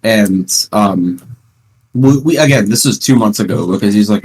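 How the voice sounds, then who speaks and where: A teenage podcast host at home, chatting casually and rambling through stories with playful sarcasm. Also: male voice, lowish voice, moderate pace. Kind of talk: casual chat.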